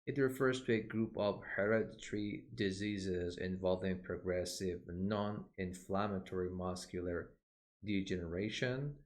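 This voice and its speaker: A man with a fairly low voice takes an unhurried pace through a vocabulary lesson. He says each key term slowly and often repeats it for pronunciation practice. He pauses with "uh" between points. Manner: slow, deliberate, models pronunciation by repeating words; frequent "uh" fillers, points at the page. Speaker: English for medicine teacher. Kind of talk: textbook walkthrough lesson.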